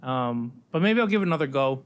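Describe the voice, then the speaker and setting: A man in his thirties co-hosting a casual podcast chat, animated and acting out quoted lines. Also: mid-range voice, quick pace, smooth. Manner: animated, acts out quoted voices. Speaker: podcast co-host.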